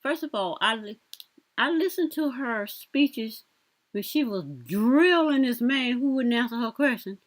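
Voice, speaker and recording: A woman's voice: on the high side, expressive, measured pace. Blunt, sassy woman reacting to clips. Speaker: commentary vlogger. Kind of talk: casual reaction commentary.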